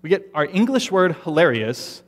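A man preaching a sermon as pastor, animated and conversational, acting out his listeners' doubts in quoted asides. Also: fairly high pitch, normal speed. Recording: long reverb of a large hall.

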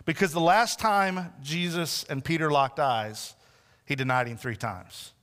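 A man preaching a sermon who acts out the voices in the story he retells, often dropping to a soft, close tone. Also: fairly high pitch, measured pace, long reverb tail. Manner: acts out quoted voices, drops to soft intimate tones.

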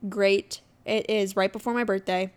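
A woman's voice: medium pitch, fairly even intonation, normal speed, a little mellow, clean tone. A woman in her twenties hosting her own podcast, telling a personal story in a candid, chatty way and acting out quotes of what she and others said. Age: 20s. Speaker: podcast host. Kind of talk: casual solo podcast chat.

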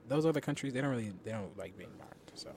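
A man's voice: mid-range voice, expressive, fast talker, darkish tone. A young man co-hosting a podcast in casual chat, teasing his partner with dry remarks. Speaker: podcast co-host. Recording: faint background noise.

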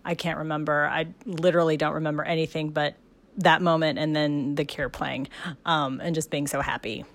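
A woman telling a heartfelt, emotional story about her first concert, laughing and trailing off softly, recorded by herself. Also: sits low, fairly even intonation, a little fast. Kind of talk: casual storytelling, self-recorded.

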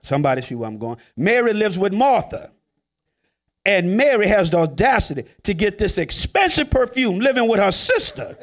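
A man preaching a sermon in a joking, conversational way, swinging from loud emphasis to hushed asides. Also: high voice, sing-song, moderate pace.

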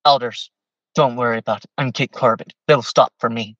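A man's voice: medium pitch, fairly even intonation, normal speed, fairly bright tone, dry recording, muffled recording, lightly acted. A man voicing an outspoken, feisty older woman, blunt and scolding. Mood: defiant. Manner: blunt, scolding, sure of herself.

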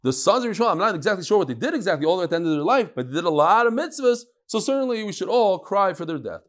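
A man teaching a text class who reads passages aloud, then explains them in relaxed talk and tells stories. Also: high-pitched, very fast. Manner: storytelling, acts out quoted voices. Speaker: Talmud teacher. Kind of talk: Talmud class lecture.

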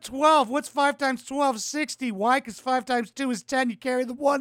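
A man in his twenties hosting a podcast, reacting loudly and mockingly to a video clip and swearing often. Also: extremely high pitch, fairly even intonation, moderate pace, few pauses, no room sound, clean studio sound. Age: 20s. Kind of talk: casual reaction commentary.

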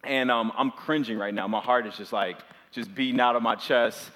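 A man's voice: mid-range voice, normal speed, a bit bright. A man in his twenties, a pastor telling a personal story to his congregation in a chatty, loose way with lots of filler words. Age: 20s. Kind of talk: storytelling sermon to a live audience. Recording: long hall reverb.

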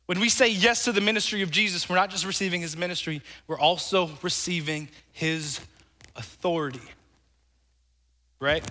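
A man's voice: sits high, normal speed, pushed and bright. A man preaching a sermon, emphatic, calling on the congregation to respond and repeating his phrases. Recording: long hall reverb.

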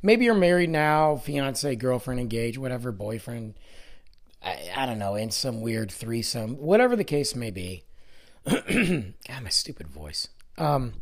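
Stuffy nasal guy doing his podcast alone, kinda sick sounding, grumpy and rambly, pitch all over the place. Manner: grumbling, self-deprecating, rambling. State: congested from illness. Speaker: podcast host. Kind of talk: casual solo podcast monologue.

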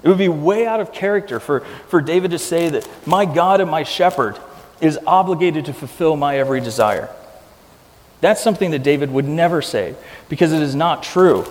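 A man preaching a sermon as pastor, earnest and emphatic, often repeating key phrases for weight. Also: a little high. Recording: long hall reverb.

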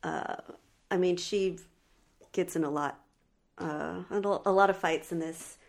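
Low-pitched woman recounting film scenes. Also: a little slow. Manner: rambling retelling of scenes, many fillers. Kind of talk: casual podcast chat.

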